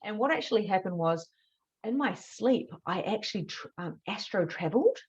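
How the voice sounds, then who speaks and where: A woman, a spiritual mediumship teacher telling a candid story to camera, animated and swearing freely. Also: mid-range voice, normal speed, breathy edge, highs cut off. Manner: animated, swears freely, acts out her own past reactions.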